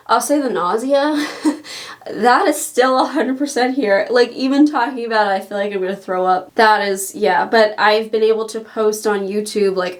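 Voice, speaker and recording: A woman vlogging in casual chat to the camera, chatty and rambling with frequent small laughs, a little out of breath. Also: a little high.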